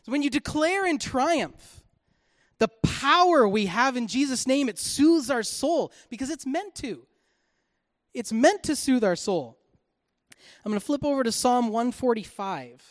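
A woman preaching a sermon and reading scripture aloud. She delivers it animatedly and swings from soft, quiet speech to shouting. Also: high voice, lively intonation, a little slow, no room sound, clean studio sound. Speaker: Bible teacher.

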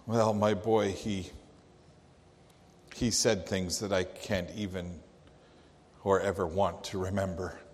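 A man acting as a grieving Jewish father in a dramatic first-person monologue, telling it in a slow, halting, hushed way. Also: low voice, little pitch movement. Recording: long echoey hall reverb.

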